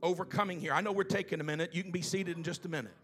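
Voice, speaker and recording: A man preaching a sermon in church, reading scripture slowly with drawn-out emphasis and building to loud, fervent exhortation. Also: high voice, steady tone, soft background music. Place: church sanctuary.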